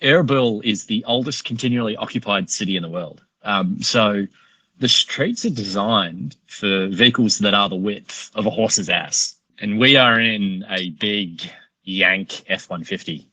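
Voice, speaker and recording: A man with an Australian accent, a podcast guest telling a story in a casual, animated, profane way. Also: on the low side, a little slow, no echo, poor audio.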